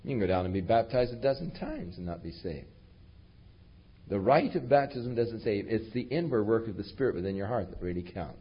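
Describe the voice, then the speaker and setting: Conversational pastor on muffled tape. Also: male voice, fairly low pitch, expressive, fairly quick, slightly rough. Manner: conversational, uses fillers, asides to listeners. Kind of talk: sermon. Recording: dull lo-fi recording.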